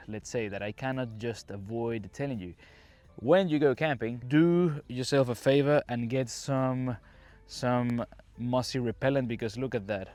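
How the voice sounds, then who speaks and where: His voice is mid-range and a little mellow. A Caribbean English teacher, he hosts a casual podcast from a campsite, recording on his phone as he walks around outdoors, chatting and explaining things directly to the listener.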